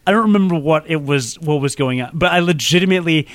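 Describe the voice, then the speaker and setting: A man's voice: a little high, quick pace, dry recording. Rambling man hosting a podcast. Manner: rambling, self-deprecating, filler-heavy. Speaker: podcast host. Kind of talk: casual podcast chat.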